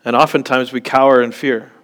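A man's voice: mid-range voice, fairly even intonation, brisk, a bit bright. A man preaching a sermon in a conversational way, with joking asides and frequent check-ins with his listeners.

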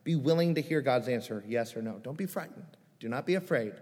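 A man's voice: medium pitch, animated, brisk, darkish tone, in a large hall. A man preaching a sermon as a pastor, earnest and pleading, asking the congregation rhetorical questions in a conversational way. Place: church sanctuary.

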